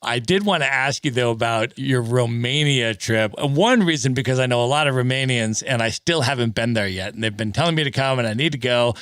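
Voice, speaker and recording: A man's voice: medium pitch, brisk, few pauses, fairly bright tone, clean tone. An enthusiastic man hosting a travel podcast interview. He asks long, friendly questions and readily agrees with his guest. His voice is recorded close and dry, with no room echo. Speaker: podcast host. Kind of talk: casual interview.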